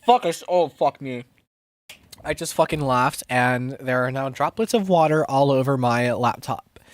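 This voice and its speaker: In a dry recording, a young producer streams and chats casually to viewers while making music. His mid-range voice is unhurried, and he wanders off topic, curses freely, jokes at his own expense and often starts sentences over.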